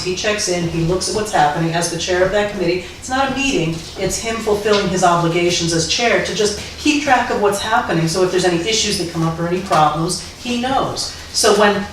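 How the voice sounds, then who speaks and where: A woman's voice: mid-range voice, background noise. A woman on a library board firmly explaining and defending procedure at a heated meeting. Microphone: distant camera. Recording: echoey room from far off.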